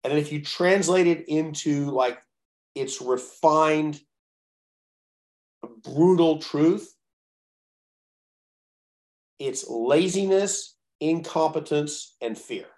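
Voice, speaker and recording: A man's voice: on the high side, takes it slowly, long pauses. Blunt, profane man coaching. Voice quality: blunt, profane, animated storyteller. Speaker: chiropractic coach. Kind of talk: profane coaching talk on a call.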